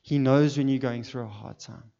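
Here a pastor speaks in a warm, mid-range voice at a moderate pace, his intonation fairly even, as his impassioned sermon climbs toward fervent calls to listeners. The audio is dull and carries a long hall reverb.

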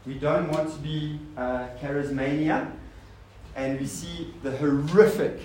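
A man's voice: a little high, fairly even intonation, unhurried, darkish tone. A man preaching a sermon to a congregation. He asks rhetorical questions and makes casual asides to the listeners. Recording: roomy hall sound with faint noise.

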